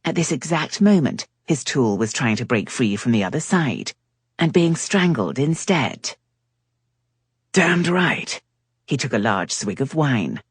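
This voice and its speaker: Very low-voiced woman narrating a romance. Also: very animated, moderate pace, a little mellow, husky, dry recording, studio quality. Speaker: audiobook narrator.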